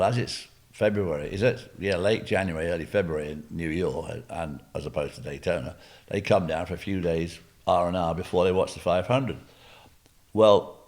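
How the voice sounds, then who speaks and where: An older Englishman with a very low voice spins a long, humorous anecdote for an interviewer. He rambles, doubles back and drops asides and the odd cough as he goes. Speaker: guest. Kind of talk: anecdotal storytelling.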